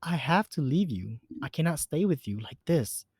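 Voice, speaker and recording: A man voicing a gentle young woman, the narrator's girlfriend, in a soft plain delivery. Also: fairly high pitch, expressive, normal speed, husky, dry recording, studio quality. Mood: pleading.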